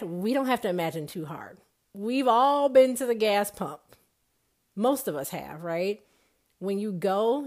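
A woman giving an emphatic motivational talk to an audience, repeating her points for effect. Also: mid-range voice. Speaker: speaker on nutrition.

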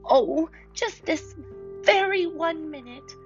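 Woman reader doing tiny earnest little girl, slow and wide-eyed, way up high, dull lo-fi recording. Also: expressive, soft background music, heavily acted. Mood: wondering. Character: small wondering little girl, earnest and dreamy.

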